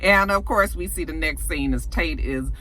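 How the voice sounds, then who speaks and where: A young woman casually recapping a TV episode in a chatty, profane, animated way. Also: low voice, moderate pace. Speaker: TV episode reviewer.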